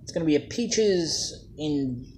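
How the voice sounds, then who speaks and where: A man's voice: fairly high pitch, lively intonation, unhurried, a little mellow, a little hiss or hum. A man casually reviewing vape juices, joking and plain-spoken in a laid-back way.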